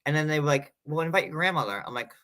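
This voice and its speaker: Low-voiced woman rambling with "like". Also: lively intonation, very fast, fairly bright tone. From tri-state area of the US. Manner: rambling, heavy use of "like". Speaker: panelist. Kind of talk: casual podcast chat.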